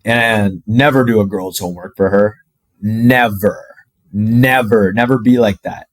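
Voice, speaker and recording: A young man telling a personal story to camera in a casual, animated way, full of "like" and the odd swear word. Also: on the low side, measured pace, no room sound, poor audio. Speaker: dating coach.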